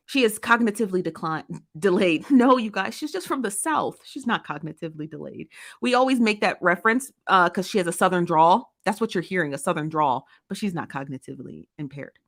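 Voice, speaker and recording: A woman's voice: mid-range voice, expressive, a little fast, a bit bright. Emphatic woman hosting commentary. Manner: emphatic, repeats points, checks in with "okay?" and "right?". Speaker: commentary show host. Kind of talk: casual commentary reading viewer comments.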